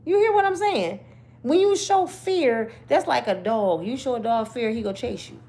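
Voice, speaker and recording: A woman's voice: on the high side, lively intonation, normal speed, warm tone. A woman host giving brash, profane storytelling commentary, laughing often.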